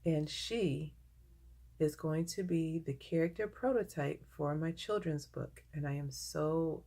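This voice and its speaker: A woman talks to her viewers in a casual vlog. Her voice sits low with a gravelly edge. She gushes and grows emotional as she shares her work. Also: unhurried, mellow. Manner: gushing, emotional. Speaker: vlogger.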